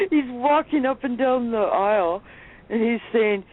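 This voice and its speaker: A woman telling lively anecdotes as a phone-in guest, laughing often as she talks. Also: on the high side, slow, long pauses. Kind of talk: casual storytelling on a phone interview. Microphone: telephone. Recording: tinny phone line with faint hiss.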